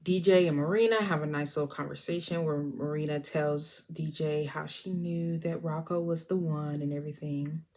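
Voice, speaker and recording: Animated woman retelling a movie. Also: deep voice, moderate pace, hardly any pauses. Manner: animated storyteller, acts out the characters. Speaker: movie reviewer. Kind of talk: casual movie recap vlog.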